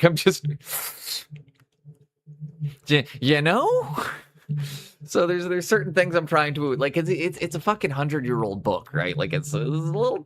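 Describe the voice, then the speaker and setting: A man's voice: fairly high pitch, a bit bright, dry recording, clean studio sound. A Canadian man chatting casually on a live stream while painting, rambling and correcting himself as he goes. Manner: rambling, self-correcting, easygoing.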